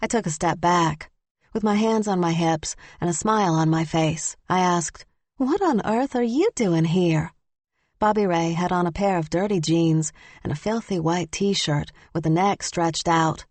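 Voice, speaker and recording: A woman narrating a first-person audiobook in measured, lightly wry storytelling. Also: lowish voice, steady tone, dry recording.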